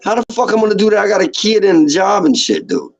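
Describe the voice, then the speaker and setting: A man's voice: sits high, quick pace, vocal fry, darkish tone, slight background noise. A man on a podcast, chatting casually and swearing a lot as he mock-scolds a friend. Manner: profane, mock-outraged ribbing. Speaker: podcast co-host. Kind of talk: casual chat. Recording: dull lo-fi stream audio.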